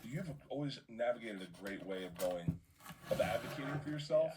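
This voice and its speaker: A man's voice: on the low side, animated, a little fast, very noisy. A man hosting a podcast, talking emphatically in casual chat and swearing for emphasis. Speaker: podcast host.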